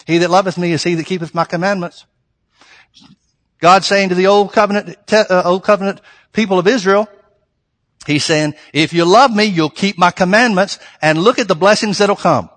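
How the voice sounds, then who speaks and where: Man, preacher, sermon, high voice, rhetorical questions, reverberant hall. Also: steady tone. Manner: emphatic, rhetorical questions to the congregation; reads scripture slowly and deliberately. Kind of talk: sermon with scripture reading.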